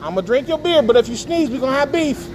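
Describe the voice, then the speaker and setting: A man's voice: very high-pitched, lively intonation, fast talker. A man vlogging casually in a supermarket, teasing and joking with strangers as he shops. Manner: teasing, playful, talks to passers-by. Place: indoor supermarket. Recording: noisy store background.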